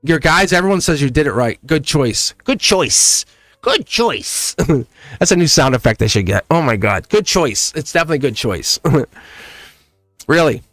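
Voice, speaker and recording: A man hosting a live tarot reading, talking in a chatty, excited way, laughing often and acting out voices as he reads the cards. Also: fairly high pitch, brisk, no room sound, soft background music.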